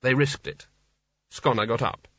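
A man narrating a comic fantasy audiobook with lively, wry storytelling. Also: mid-range voice, unhurried, gravelly, no room sound, dull audio.

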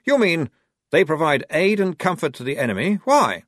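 A man's voice: fairly high pitch, big pitch swings, moderate pace, a bit bright, no echo, studio quality, pitched above the performer's own voice. A man doing a prissy, pompous young officer. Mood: prim. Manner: raised, prissy, mannered speech.

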